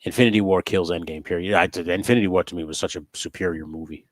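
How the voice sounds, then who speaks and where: A man hosting a casual livestream chat, swearing freely, laughing often and telling stories with excitement. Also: low voice, fast talker, dry recording. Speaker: host.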